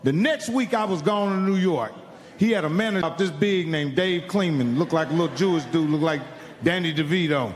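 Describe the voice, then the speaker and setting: A man from Indiana doing stand-up storytelling, profane and animated, acting out the people in his stories. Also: fairly high pitch, fairly quick. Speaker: stand-up comedian. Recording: live hall recording with long reverb.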